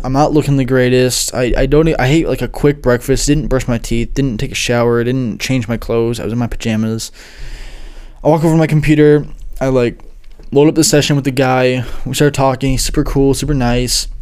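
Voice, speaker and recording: A man's voice: medium pitch, steady tone, fairly quick, a little mellow, clear, resonant tone. A young man, a music producer who gives lessons online, tells a rambling, swear-heavy story full of fillers. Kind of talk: casual storytelling monologue.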